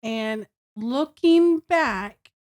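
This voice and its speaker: A woman with a slightly high voice who talks in a slow, unhurried way. She co-hosts a casual podcast chat, listening and then asking the next questions. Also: lively intonation, a little mellow.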